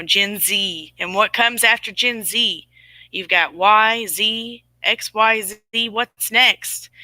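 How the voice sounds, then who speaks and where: A rambling, emphatic livestream host in their forties talks straight to viewers and stops to answer chat comments. The voice is very bright and crisp. The sound is dry and close, with no room around it. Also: medium pitch, dry recording, low-quality recording. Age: 40s. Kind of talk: casual livestream talk to viewers.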